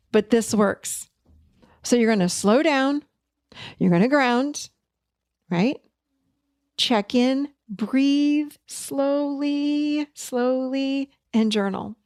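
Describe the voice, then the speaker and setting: A woman's voice: medium pitch, vocal fry, no room sound, studio quality. Emphatic woman, self-help host. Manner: warm, emphatic, repeats key words. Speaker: podcast host and therapist. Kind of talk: encouraging self-help talk to listeners.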